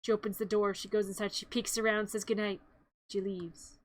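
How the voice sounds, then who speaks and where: A woman's voice: mid-range voice, little pitch movement, a little fast. A woman streamer narrating a movie in a playful, rambling, chatty way with little quips.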